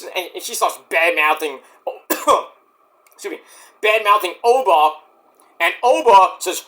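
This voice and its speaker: A man casually reviewing a wrestling show on his own, animated and excitable, breaking into high-pitched outbursts. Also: unhurried, long pauses. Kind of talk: casual solo review vlog.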